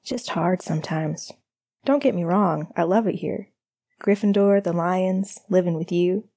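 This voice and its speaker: A woman reading aloud who voices a quiet, homesick young male athlete, speaking softly with a subdued, wry edge. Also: fairly low pitch, unhurried, slightly rough. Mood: wistful. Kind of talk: audiobook character voice.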